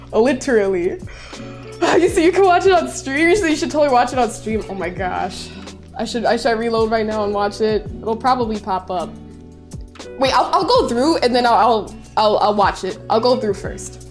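This young woman, in her twenties, has a voice on the high side with a darkish tone. She's casually streaming and reading her viewers' messages aloud, bubbly and gushing, breaking into squeals and laughter.

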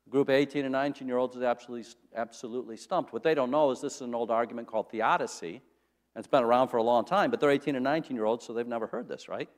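A male pastor preaching a sermon, telling a story and swinging between loud and quiet passages. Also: mid-range voice, racing, in a large hall. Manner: storytelling, rising and falling in loudness. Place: church sanctuary.

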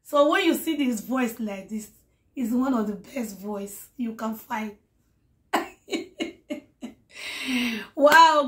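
Hoarse woman vlogger, gushing and affectionate with viewers, unhurried delivery. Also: sits high. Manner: effusive, affectionate, blessing her viewers; repeats words in threes. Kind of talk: casual talk to followers.

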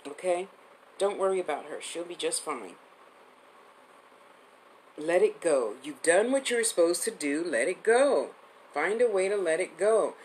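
A woman's voice: on the low side, lively intonation, a little slow, long pauses, darkish tone, a little hiss or hum, rough recording. A woman in her fifties giving a live-streamed psychic reading, chatty and affectionate, rambling with restarts. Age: 50s. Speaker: psychic medium host.

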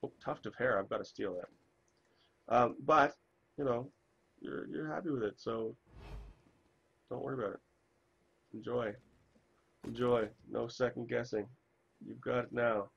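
A man streaming a game, chatting in a rambling, self-interrupting way while hoarse from a cold. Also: medium pitch, normal speed, long pauses, fairly bright tone, lo-fi sound. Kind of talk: casual chat while gaming.

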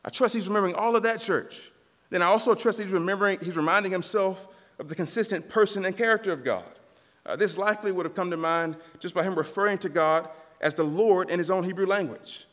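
A man's voice: high-pitched, fast talker, fairly bright tone, in a large hall. A pastor preaching a sermon in a church, earnest and direct, often turning to his listeners as "church". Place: church sanctuary.

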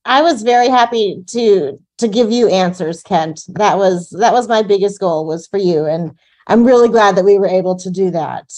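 A woman's voice: medium pitch, normal speed, a little mellow. A woman, a guest in an interview, talking earnestly and gladly. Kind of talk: conversational interview.

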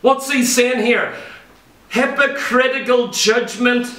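A man's very high, bright, forceful voice carries through a church hall as he preaches at a slow, steady pace. He tells a Bible story with emphatic repetition of key lines, and the far-off mic gives a roomy church sound.

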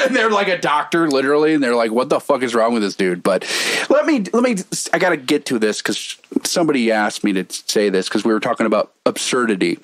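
A man's voice: medium pitch, fairly quick, hardly any pauses, no room sound. A man co-hosting a podcast, ranting in casual chat, cursing freely and slipping into put-on voices. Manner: profane, animated rants with put-on voices. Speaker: podcast co-host.

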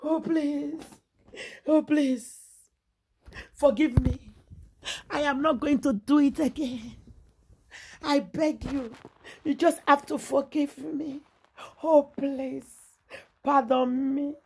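A woman voicing a remorseful grown man who pleads for forgiveness in a high, wailing whine. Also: steady tone, takes it slowly, long pauses, a little mellow.

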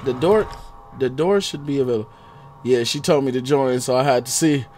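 A man streaming a game live, chatting casually with viewers in slang and swinging from low muttering to loud outbursts. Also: brisk, a little hiss or hum. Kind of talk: live gameplay commentary.

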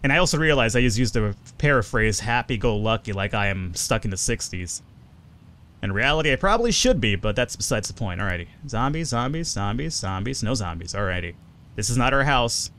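A young man chatting casually through a survival game, swearing often and jumping up in pitch when excited. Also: brisk. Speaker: gaming video host. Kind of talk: casual let's play commentary.

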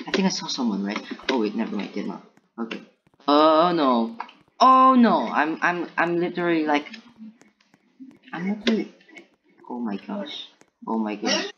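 A woman narrates her match as it happens, muttering to herself and calling out to her opponent. Her voice sits low yet leaps all over the place as she startles and panics. The mic sounds dull and lo-fi, with a faint hiss underneath. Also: lively intonation, brisk. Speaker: gameplay commentator. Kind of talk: live gameplay commentary.

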